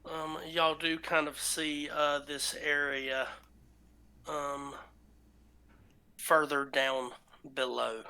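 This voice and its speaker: Man as game master, slow unhurried narration, bright tone, lots of ums. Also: on the high side, flat delivery, smooth. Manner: slow, halting, many ums and uhs.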